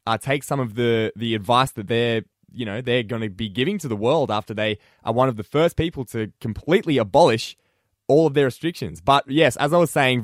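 Chatty Australian radio host, dry studio. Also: male voice, medium pitch, no echo. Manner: chatty, animated, lots of fillers and restarts. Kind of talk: casual radio chat.

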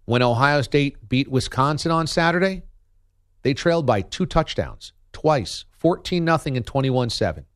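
Emphatic sports radio host, dry sound. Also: male voice, medium pitch, dry recording. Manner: emphatic, argumentative, punchy repetition. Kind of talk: opinionated sports commentary.

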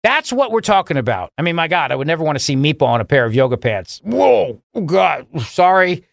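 Sarcastic talk radio host, higher voice. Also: male voice, big pitch swings, fast, fairly bright tone, dry recording, studio quality. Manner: sarcastic, mocking, pitch jumps for emphasis. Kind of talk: political talk radio monologue.

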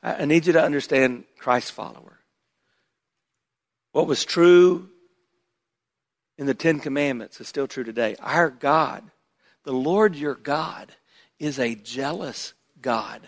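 A man pastor preaching a sermon, swinging from loud emphatic bursts to hushed low asides. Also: takes it slowly, long pauses. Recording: long hall reverb.

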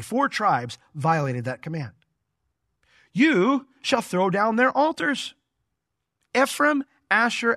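A man teaching from the Bible in an animated, conversational way, his fairly high voice swinging widely in pitch. The sound is close and dry with no room around it. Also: no echo. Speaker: pastor. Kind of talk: expository Bible teaching sermon.

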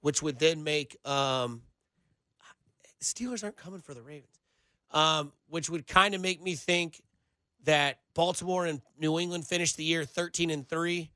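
A man hosts sports talk radio with a bright, forceful voice that sits a little high for a man. He rambles loosely from point to point, leaning on filler words. The studio mic sound is close and dry. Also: unhurried, clear, resonant tone, no echo. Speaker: radio show producer and host. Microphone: studio microphone.

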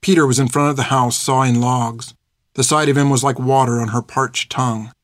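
A male narrator reading a chapter of an audiobook at a steady, even pace. His voice sits in a middle pitch, and the sound is close and dry. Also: fairly quick, dry recording.

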